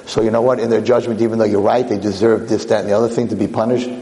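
A man giving voice to God, answering gently and calmly. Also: lowish voice, rapid-fire, in a large hall, voice pushed down, lightly acted.

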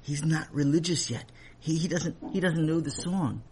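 A man voicing a gentle, patient father who quietly explains things to his young son in a children's story. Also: slight background noise, lightly acted. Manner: soft, low and patient, explaining slowly.

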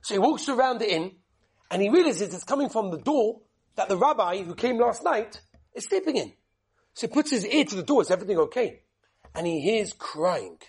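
A man preaching a Torah talk with a very high, husky voice. He tells a tale with lively rhetorical questions, dropping soft and then bursting loud for effect. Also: normal speed. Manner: animated, rhetorical questions, dramatic swings in volume. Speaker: rabbi giving a Torah talk. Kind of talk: sermon storytelling.

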